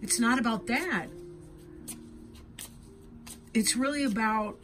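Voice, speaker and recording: A woman's voice: a little high, slow, fairly bright tone, faint music behind. A woman giving an intuitive tarot reading to her viewers, talking in an earnest, heartfelt way and often checking in with "right?". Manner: earnest, emotional, tag questions like "right?". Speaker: tarot reader.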